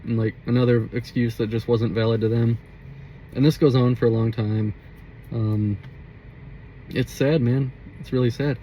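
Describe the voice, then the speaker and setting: A man's voice: medium pitch, fairly even intonation, moderate pace, long pauses, dark tone, rough recording. A young man telling a story in a loose, rambling monologue, swearing often and saying "like" constantly, recorded inside a car. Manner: rambling, profane, heavy use of "like". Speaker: vlogger.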